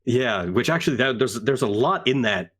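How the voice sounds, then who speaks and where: A man co-hosting a relaxed video game discussion. He talks at an ordinary middle pitch. He jokes around and acts out quick bits with lots of energy. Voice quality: joking, animated storyteller. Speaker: podcast co-host. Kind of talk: casual chat.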